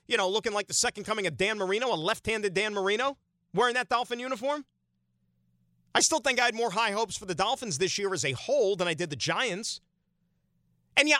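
A man's voice: sits high, bright, forceful tone, dry recording, studio quality. A man hosting a sports talk radio show, giving an opinionated monologue full of rhetorical questions.

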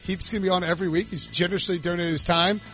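A man's voice: high-pitched, steady tone, very fast, sharp tone, soft background music. A man hosting a casual fantasy football podcast, chatty and joking, with a lot of fillers and restarts. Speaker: podcast host. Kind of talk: casual sports podcast chat. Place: southern US.

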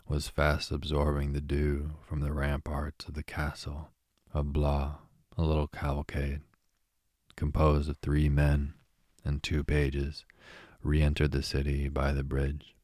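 A man reads a classic novel as a bedtime story, in a very low voice that barely rises or falls. He takes it slowly, and his tone is dark and husky. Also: no echo, clean studio sound. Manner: slow, soft, even reading. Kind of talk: calm bedtime story reading.

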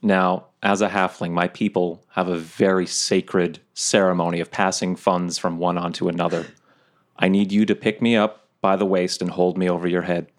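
A man's voice: low-pitched, level tone, normal speed. A man playing a tabletop game who describes his character's pranks in a playful way. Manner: mischievous, playful storytelling. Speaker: player.

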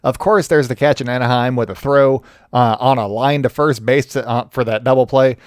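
A man's voice: mid-range voice, fairly even intonation, moderate pace, no echo. A man talks alone into a podcast mic and keeps it loose and chatty. He jokes at his own expense, and his voice sits in an ordinary middle range. The sound is close and dry. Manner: chatty, joking and self-deprecating. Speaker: sports podcast host. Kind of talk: casual solo podcast commentary.

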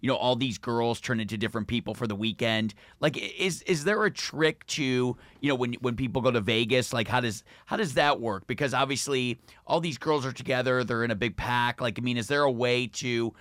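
A man's voice: mid-range voice, brisk, hardly any pauses, fairly bright tone, no room sound. A man co-hosting a podcast, asking a curious, rambling question full of fillers. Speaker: podcast co-host. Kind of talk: casual podcast chat.

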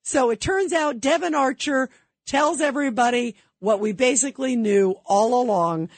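A woman's voice: high voice, normal speed, no echo. A woman hosting a talk radio show, delivering an emphatic, indignant political commentary monologue full of rhetorical questions.

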